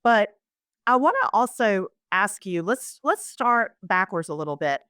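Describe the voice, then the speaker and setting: A woman's voice: medium pitch, animated, measured pace, a bit bright, clean tone, dry recording, clean studio sound. A woman hosting a podcast interview, encouraging her guest and restarting her questions as she goes. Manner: encouraging, repeats words as she starts questions. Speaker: podcast host. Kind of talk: conversational interview.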